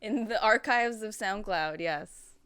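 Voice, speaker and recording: A woman's voice: mid-range voice, unhurried. A woman from Canada, a marketing company head, chatting casually on a podcast, laughing often.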